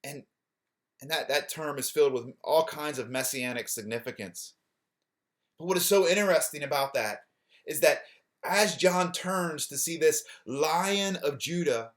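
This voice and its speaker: A male pastor giving an earnest sermon, often repeating words and dropping soft and low on key phrases. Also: unhurried.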